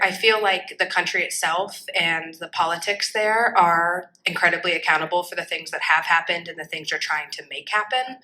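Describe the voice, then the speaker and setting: A young woman asks a panel a question from the audience. Her voice is lowish yet bright, and she talks fast and a little self-consciously. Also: poor audio. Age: young adult. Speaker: audience member asking a question.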